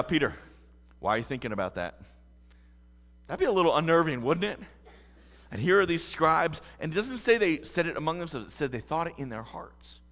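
Preacher in an echoing church hall. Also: male voice, mid-range voice, fairly bright tone. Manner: earnest preaching with emphatic rises. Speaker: pastor. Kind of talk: sermon.

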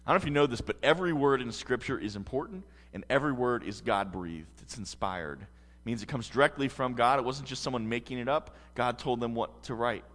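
A man's voice: mid-range voice, a little fast, a bit bright, in a large hall. A man preaching a sermon as pastor, earnest and emphatic.

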